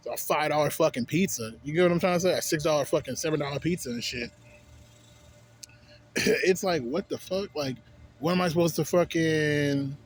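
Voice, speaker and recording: A young adult man vlogging in a loose, rambling way, swearing constantly and checking in with "you know what I'm saying". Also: medium pitch. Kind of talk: casual rambling monologue.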